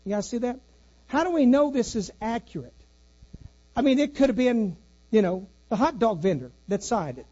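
A man's voice: extremely high pitch, lively intonation, moderate pace, dark tone, highs cut off. A man preaching as a pastor, telling a personal story and asking the congregation questions in a folksy way. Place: church sanctuary.

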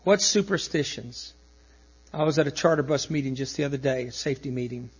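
A man preaching a sermon to young people, swinging between loud emphatic declarations and quiet asides. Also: medium pitch, fairly quick, breathy edge. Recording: dull, lo-fi recording with mains hum.

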